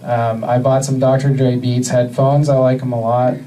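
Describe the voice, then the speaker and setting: A man in his thirties from the US Northwest performs a stand-up comedy set with a deadpan, halting delivery padded with fillers. His voice is mellow and dark, picked up from some distance on a club stage mic. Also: medium pitch. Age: 30s.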